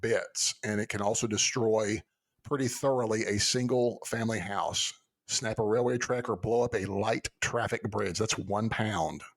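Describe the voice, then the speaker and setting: A man co-hosting a podcast, chatting casually, reacting with quick agreement and jokes and musing aloud. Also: fairly low pitch, steady tone. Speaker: podcast co-host.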